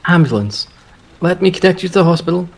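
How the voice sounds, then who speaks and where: A man voicing a brisk, clipped female telephone operator in a tabletop game. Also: high-pitched, lively intonation, gravelly, voice pushed up, heavily acted.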